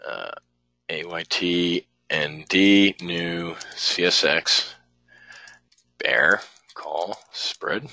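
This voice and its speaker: A man's voice: low voice, drawn-out words, gravelly, pushed and bright, no room sound, poor audio. A man running a live options trading webinar, talking bluntly and rambling with some profanity as he works through trades on screen.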